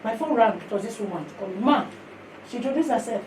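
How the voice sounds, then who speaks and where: A woman preaching, telling a testimony in animated storytelling that slips into pidgin, then leading prayer. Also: a little high, fast talker, some chatter behind, slight background noise. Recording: echoey hall from far off.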